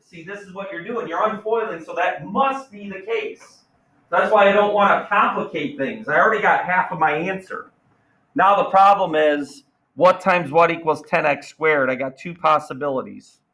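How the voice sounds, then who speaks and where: A man teaching a math class, energetic and playful, firing questions at students. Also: high voice, moderate pace, rough recording. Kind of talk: classroom lesson.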